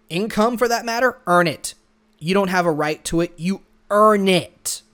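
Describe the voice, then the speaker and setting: A podcast host delivers a solo opinion monologue, blunt, lecturing and combative. His voice is high-pitched with a fairly bright tone.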